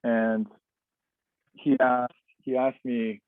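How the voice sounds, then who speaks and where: Low-voiced man recounting his story candidly. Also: fairly even intonation, unhurried, no echo. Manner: candid and reflective, with frequent fillers and restarts. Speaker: webinar guest. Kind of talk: personal storytelling. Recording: tinny dry webinar audio.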